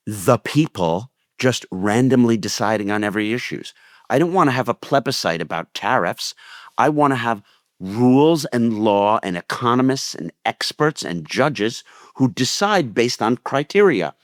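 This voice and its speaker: A man's voice: mid-range voice, lively intonation, moderate pace, no echo, clean studio sound. A man co-hosting a political podcast, arguing with passion and emphasis. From United States. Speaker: podcast co-host.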